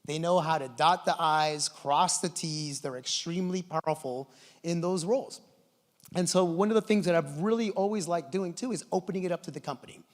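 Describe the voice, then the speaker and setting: A middle-aged man speaking from a conference stage, telling stories with lively enthusiasm. His voice sits somewhat high for a man. A long reverb from the large hall trails every phrase. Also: a little fast. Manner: enthusiastic storytelling, animated. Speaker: conference presenter. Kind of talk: conference keynote talk.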